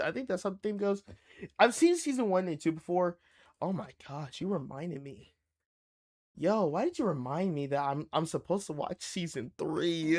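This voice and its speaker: A young man hosting a live reaction stream, talking in a casual, slangy and excitable way and laughing easily. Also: a little high, normal speed. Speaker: livestream reaction host.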